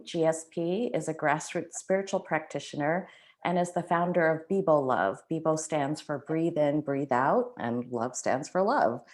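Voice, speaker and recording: A woman moderating an online event, thanking the organizers and introducing the next speaker in a slightly halting way. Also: low voice, darkish tone.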